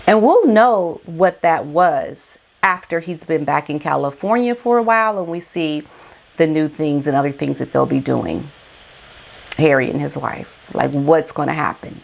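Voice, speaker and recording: A woman's voice: sits low, unhurried, vocal fry. Woman vlogger, gossip commentary, emphatic, colloquial, repeats for emphasis. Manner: emphatic and colloquial, repeats key words for effect. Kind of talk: casual celebrity gossip commentary.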